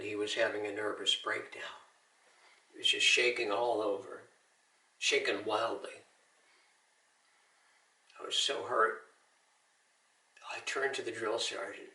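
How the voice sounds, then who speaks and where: Older man with a bright voice. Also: fairly low pitch, echoey room, recorded from a distance, poor audio. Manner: earnest storytelling with Christian encouragement. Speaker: Army veteran telling his story. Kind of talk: personal testimony.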